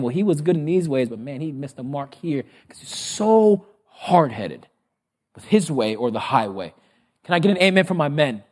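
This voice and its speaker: A male pastor with a fairly high voice, preaching emphatically. He quizzes his listeners with fill-in questions, rushing through some phrases and drawing out others for weight. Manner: emphatic, with sudden bursts of speed and drawn-out phrases. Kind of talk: sermon.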